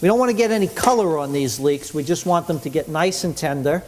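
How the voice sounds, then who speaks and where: A man's voice: on the high side, brisk, noisy background. A man leading a cooking demonstration, chatty and enthusiastic as he explains each step in the kitchen. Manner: enthusiastic, chatty, full of praise. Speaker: cooking instructor.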